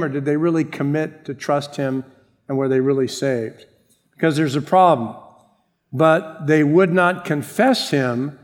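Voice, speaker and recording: A middle-aged man preaching a sermon as pastor, animated, acting out the people he quotes. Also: fairly high pitch.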